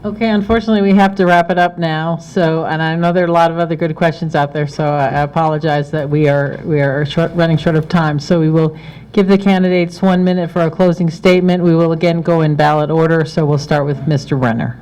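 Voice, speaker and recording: A man moderates a candidate forum and moves it along to the closing statements. He talks fast at a slightly high pitch, in a brisk, apologetic way. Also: flat delivery, a little mellow, poor audio.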